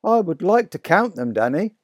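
A man reading aloud, voicing an excitable father in a children's storybook who exclaims in wonder. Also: sits high, normal speed, no echo, clean studio sound, pitched above the performer's own voice. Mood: awed. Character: excitable delighted adult father.

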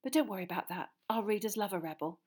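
A woman voicing a brisk, prying female gossip journalist who talks over others. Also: mid-range voice, animated, darkish tone, close to an everyday voice. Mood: pushy.

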